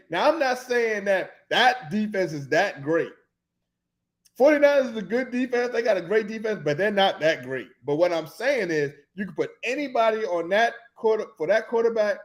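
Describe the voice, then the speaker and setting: A man hosting a sports show, chatting casually in an excitable, rambling way that often loses its thread. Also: high voice. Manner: excitable, rambling, loses his train of thought. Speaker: sports podcast host.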